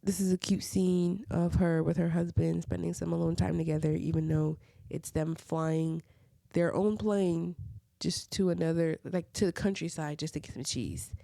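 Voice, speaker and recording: Woman, reality TV recap, dark mellow tone, dry close sound, chatty with asides. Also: fairly low pitch, steady tone, moderate pace, gravelly, dry recording. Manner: chatty, with many "like" fillers and side comments. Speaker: reality TV reviewer. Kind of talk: casual episode recap.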